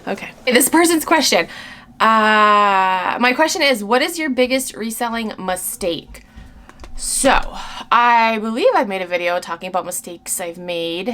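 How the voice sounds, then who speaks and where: A woman's voice: mid-range voice, expressive, unhurried, pushed and bright. Chatty, rambling young woman vlogger. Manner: chatty and rambling, with frequent laughs and self-interruptions. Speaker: reseller vlogger answering viewer questions. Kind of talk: casual Q&A chat.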